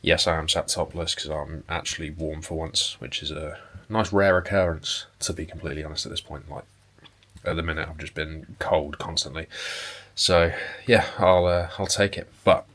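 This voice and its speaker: A young man chatting casually to camera in a relaxed, rambling way, with fillers and some swearing. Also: extremely low pitch, moderate pace. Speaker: bodybuilding vlogger and personal trainer. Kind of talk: casual vlog chat to camera. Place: indoors at home and in a parked car.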